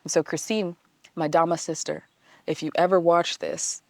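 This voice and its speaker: A woman vlogger telling a personal story in a candid, self-mocking way with lively asides. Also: deep voice, moderate pace, vocal fry, dry recording.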